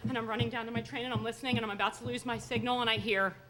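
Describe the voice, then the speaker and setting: Animated, high-strung woman storyteller. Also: rapid-fire, background noise. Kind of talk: live storytelling performance. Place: live stage at a story slam.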